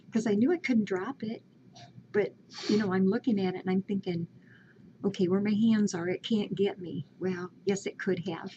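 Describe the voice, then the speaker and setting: A woman's voice: medium pitch, a little slow, long pauses, background noise. A woman animatedly retelling a story in casual chat, laughing often. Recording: lo-fi home video with faint ambience.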